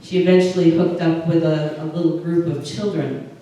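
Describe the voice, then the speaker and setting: A woman's voice: deep voice, little pitch movement, mellow. Woman pastor preaching in an echoey hall. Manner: conversational, with halting restarts. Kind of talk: sermon. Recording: distant mic in a very echoey room with faint noise.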